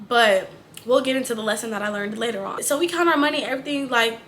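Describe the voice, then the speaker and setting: Young woman spilling tea to her viewers, high voice, blunt, swears a lot, faint room hum. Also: fast talker, a bit bright. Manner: chatty, blunt, heavy swearing, addresses viewers as y'all. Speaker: storytime vlogger. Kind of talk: casual storytelling to camera.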